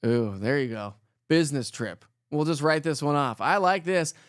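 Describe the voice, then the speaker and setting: His voice a little high and his tone clean, a Colorado man speaks at a normal pace on his morning weather livestream, recorded with studio quality and no echo. He casually works through viewer comments, upbeat and joking, greeting folks by name.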